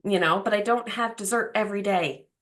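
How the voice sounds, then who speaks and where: A woman in her forties hosts a podcast, chatting casually and openly with lots of fillers. Her voice is mid-range and fairly bright, and she talks fairly quickly.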